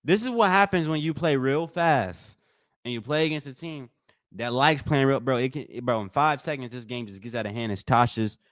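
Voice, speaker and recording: A young man commentating a live watch party, joking with his chat in a slangy, excitable way. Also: normal speed, no echo, studio quality. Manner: excitable, joking, slangy, bursts into high-pitched reactions.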